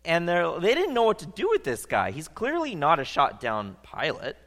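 A man preaching in a large hall, spinning a story with a bright, forceful voice that swoops up and down. His pitch sits a little high, and a long reverb trails each phrase. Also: normal speed. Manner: animated, conversational storyteller. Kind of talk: storytelling sermon.

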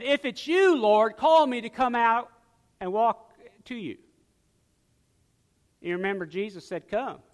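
A male pastor preaching a sermon, swinging from loud emphatic lines to hushed ones. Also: high voice, in a large hall.

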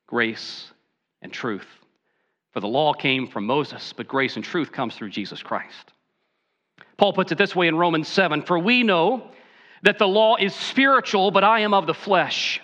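A man's voice: sits high, pushed and bright. Pastor guy preaching a sermon, earnest and folksy, kinda muffled lo-fi recording.

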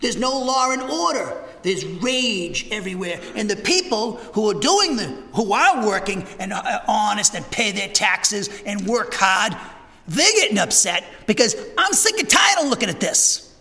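A fiery male pastor with a high-pitched voice delivers an animated sermon at a measured pace, leaping from shouted passages to near-whispered asides. His tone is bright and sharp, and the long reverb of a church sanctuary trails every phrase.

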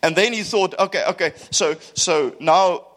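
A man preaching a sermon, telling the story in an animated way with self-mocking humor. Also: sits high, moderate pace.

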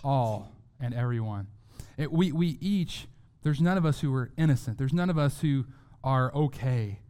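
Male pastor, sermon delivery, smooth resonant voice, earnest, repeats words for emphasis. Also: on the high side, moderate pace, warm tone. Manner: earnest, repeats words when stressing a point.

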